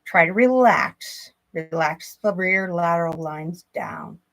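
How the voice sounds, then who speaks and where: A woman leading a yoga and movement class, calmly cueing breath and stretches with the odd soft laugh. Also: on the low side, takes it slowly, poor audio. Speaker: yoga instructor. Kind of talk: guided movement instruction.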